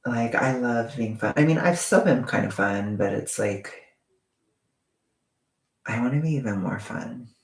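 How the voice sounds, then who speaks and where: Campy young guy ranting to the camera, bit of vocal fry, roomy echo. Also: medium pitch. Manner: chatty, campy, swearing, quick asides. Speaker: vlogger. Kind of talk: casual chat to viewers. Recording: echoey room.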